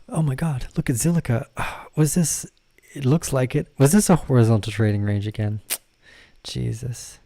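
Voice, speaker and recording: A man with a mellow, dark-toned voice talks through trading charts in a casual livestream, bursting into excited exclamations and gushing praise for his viewers. The sound is close and dry, with no room around it. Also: medium pitch, moderate pace, no room sound. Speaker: crypto trading channel host.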